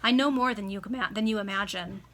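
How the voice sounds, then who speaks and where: A stern, scheming baronet lays down demands to his wife in slow, emphatic words, as a woman reads him aloud. The voice is bright and crisp, heard over a video call. It is a casual amateur reading of an old novel. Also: mid-range voice, close to an everyday voice. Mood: commanding. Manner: authoritative, emphatic. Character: stern scheming male baronet, commanding husband.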